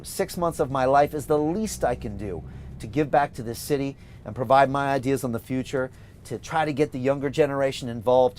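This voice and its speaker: A middle-aged American man from California hosting a livestream, reading out viewer comments and making an emphatic, rallying campaign pitch. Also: a little hiss or hum. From California, USA. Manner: energetic, emphatic, repetitive rallying. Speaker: host and mayoral candidate.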